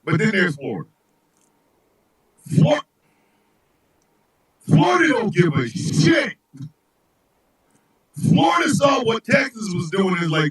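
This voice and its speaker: A male host delivers a comedic live rant, profane and often shouting. His voice is high and a little husky. It jumps up and down constantly as he riffs. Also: very animated, takes it slowly, long pauses, low-quality recording.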